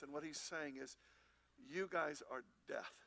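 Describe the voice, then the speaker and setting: A man's voice: on the high side, unhurried, creaky, bright, forceful tone. A man pastor preaching a sermon, asking the congregation rhetorical questions and reading scripture aloud.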